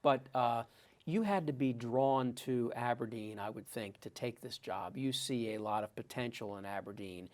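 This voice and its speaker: A man's voice: medium pitch, normal speed, a little mellow. A man hosting a local TV interview show and asking friendly, conversational questions. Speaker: TV host.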